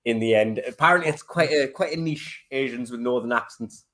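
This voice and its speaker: A man's voice: medium pitch, fairly quick, fairly bright tone. A man with a Geordie accent, a stand-up comedian guesting on a podcast and chatting with self-deprecating humour. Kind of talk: casual podcast chat.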